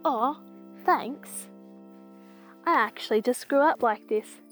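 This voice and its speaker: A woman's voice: on the high side, takes it slowly, soft background music. Woman doing a chirpy wallaby. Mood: cheerful. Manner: bright, eager storybook voice. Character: friendly chatty female wallaby.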